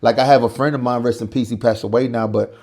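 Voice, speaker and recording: A man telling his life story in a casual interview, loud and animated, acting out the voices of the people in it. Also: medium pitch, fast. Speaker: guest business owner.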